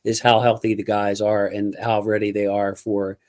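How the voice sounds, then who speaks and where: A man's voice: fairly low pitch, moderate pace. Emphatic man hosting a sports chat. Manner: animated, emphatic. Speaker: podcast host.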